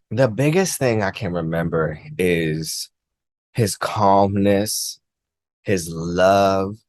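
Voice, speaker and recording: A low-voiced man tells a personal story to his viewers in an earnest, halting way. He circles back, restarts and repeats phrases, filling gaps with likes. The sound is close and dry. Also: dry recording. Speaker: vlogger.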